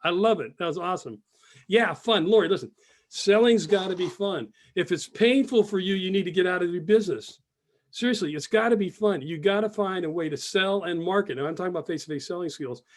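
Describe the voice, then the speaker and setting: Upbeat high-voiced man teaching a webinar. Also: fairly quick. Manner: upbeat, chatty, repeats phrases, reads chat aloud. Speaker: webinar presenter, business mentor. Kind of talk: casual live webinar teaching.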